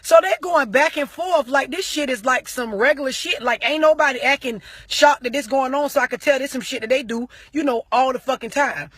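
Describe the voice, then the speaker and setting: A woman vlogger telling a story as an animated rant, full of slang and heavy profanity. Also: high voice, fairly quick, few pauses, breathy edge, no room sound.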